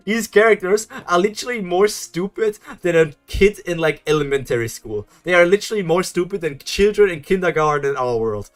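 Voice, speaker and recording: Young guy reading a webcomic live and reacting, kinda high voice, laughs a lot, trips over his words, faint music behind. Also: moderate pace. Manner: excited, laughing, rambling with stumbles.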